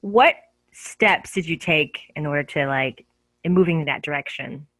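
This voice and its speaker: A woman hosting a casual interview, chatty and quick to laugh. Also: sits low, fairly bright tone, no echo. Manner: laughs often, bubbly and chatty. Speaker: host.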